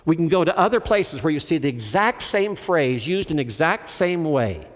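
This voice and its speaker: A man's voice: on the high side, big pitch swings, moderate pace. An older man preaching a sermon emphatically, asking his listeners questions and calling on them. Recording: long hall reverb.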